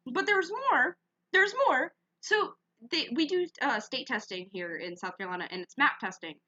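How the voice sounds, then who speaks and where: A teenage girl co-hosting a casual podcast, telling a school story in an animated, indignant way. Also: sits high, normal speed, highs cut off. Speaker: podcast co-host.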